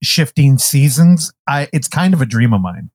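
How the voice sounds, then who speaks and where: A man's voice: mid-range voice, sing-song, normal speed, background noise. A man co-hosting a podcast in casual chat, teasing the others, swearing and laughing often. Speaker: podcast co-host.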